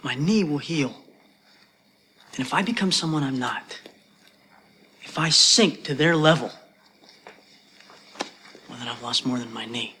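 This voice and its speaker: An actor playing an adult male hockey coach in a film scene, giving his team a steady, earnest pep talk. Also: mid-range voice, a little slow, long pauses, a little hiss or hum. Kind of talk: film scene played on a podcast.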